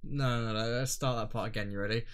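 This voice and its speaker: A man's voice: mid-range voice, steady tone, fast, clean tone. A man co-hosting a podcast in casual chat, playful and tossing in jokey interjections. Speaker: podcast co-host.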